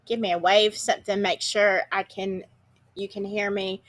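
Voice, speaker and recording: A woman's voice: mid-range voice, flat delivery, normal speed. A woman hosting a casual livestream from home, chatty and greeting viewers by name, her voice congested with a morning cold. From Southern United States. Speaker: livestream show host. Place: home, indoors.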